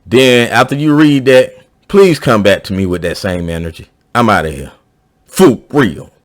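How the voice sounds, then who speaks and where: A man's voice: moderate pace, heavy background noise. A man with a South Georgia accent, talking casually and at length to his viewers, rambling and restarting his sentences. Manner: rambling, repeats and restarts, pitch rising when emphatic. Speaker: YouTube commentator. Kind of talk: casual opinion monologue.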